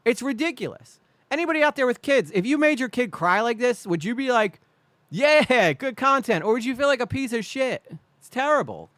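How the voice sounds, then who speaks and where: A man's voice: very high-pitched, lively intonation, fairly quick, a bit bright. A man streaming live, reacting to a video with indignant, profane rants.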